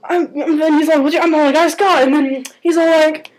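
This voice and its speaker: A teenage girl telling an excited, gushing story and often breaking into giggles. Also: high voice, fast. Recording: noisy home video.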